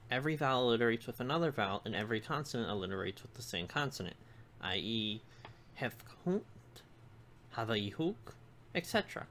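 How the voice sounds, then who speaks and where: A video lecturer giving scripted educational narration, measured and explanatory, spelling out examples one by one. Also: mid-range voice, expressive, a bit bright, a little hiss or hum.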